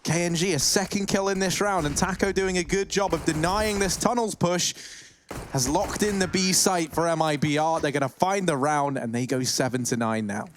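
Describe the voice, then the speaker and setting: A British man calls the action of a competitive match, quick and analytical as he tracks each player. His voice sits a little high for a man. He narrates rather than shouts, keeping a steady, informative flow. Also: slight background noise. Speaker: esports caster. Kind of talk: play-by-play commentary.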